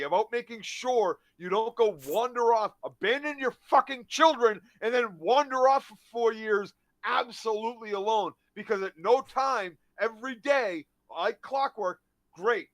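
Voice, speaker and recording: High-voiced man ranting, swearing hard. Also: fairly bright tone, no room sound. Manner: profane, heated ranting. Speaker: co-host. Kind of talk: casual review chat.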